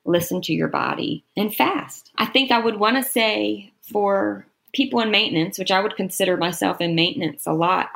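A woman's voice: mid-range voice, gravelly, fairly bright tone. A woman guest on a podcast, chatting in a friendly, encouraging way. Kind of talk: casual chat.

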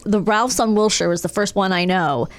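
A woman co-hosting a podcast, joking and prompting her guest with questions in casual chat. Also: medium pitch. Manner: quick to joke and prompt with questions. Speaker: podcast co-host.

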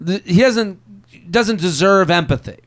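Animated man hosting a comedy podcast. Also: high voice, a little slow. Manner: animated, acts out people in quoted voices. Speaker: podcast host. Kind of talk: casual comedic chat.

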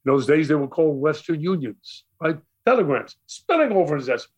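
A man's voice: a little high, fairly quick, muffled recording. An older man, a radio DJ telling stories in an interview and acting out the voices of the people in them. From Brooklyn, New York. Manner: lively storyteller acting out quoted voices. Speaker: radio DJ guest. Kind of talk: storytelling interview.

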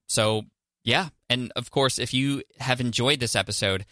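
A man's voice: on the low side, no echo, studio quality. A man hosting a coaching podcast, encouraging his guest and then signing off to listeners in an upbeat way. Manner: warm, encouraging, upbeat sign-off. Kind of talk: casual interview and podcast outro.

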